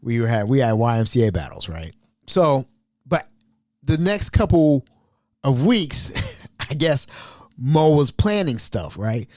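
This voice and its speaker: Hosting a podcast, a man from Ohio tells old stories casually, chatty and animated, with frequent laughter. He speaks a little slowly in a mid-range voice, leaving long pauses. It's a clean studio recording without room sound.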